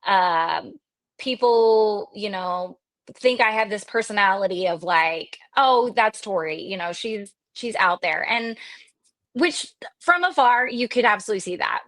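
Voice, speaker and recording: A woman from Texas, a podcast guest, telling a story in casual interview chat, animated and extroverted, acting out the voices of the people she quotes, with lots of fillers. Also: medium pitch, measured pace, no echo. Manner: animated, lively retelling with quoted dialogue and frequent fillers; extroverted and talkative.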